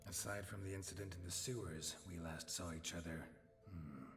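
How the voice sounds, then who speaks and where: An actor playing a gruff, weary, middle-aged male witcher in a video game, calm and low-spoken. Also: normal speed. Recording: game audio with music behind.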